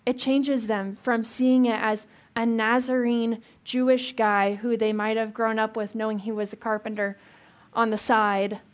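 A woman's voice: a little high, flat delivery, measured pace. A woman pastor giving a conversational sermon in church, asking the congregation questions and adding light jokes.

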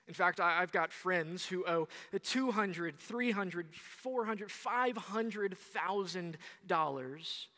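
Young man preaching in a reverberant hall. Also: sits high. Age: 20s. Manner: conversational, animated storytelling. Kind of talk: sermon.

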